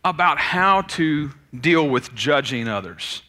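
A man, preaching a sermon in an animated, conversational way. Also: a little high, slow pace. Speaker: pastor.

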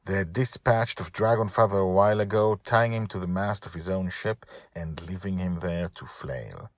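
Low-voiced man reading a storybook podcast. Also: moderate pace, no room sound, studio quality. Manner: enthusiastic, rambling. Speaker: podcast author and reader. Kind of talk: storybook narration.

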